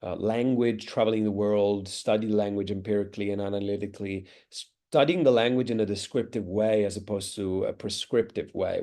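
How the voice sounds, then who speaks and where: A man's voice: fairly low pitch, vocal fry, dark tone. An Italian man speaking English with a British-leaning accent, giving a thoughtful, academic interview answer with frequent fillers. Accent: British-leaning English with traces of American and Australian. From Italy. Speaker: interview guest, pronunciation teacher.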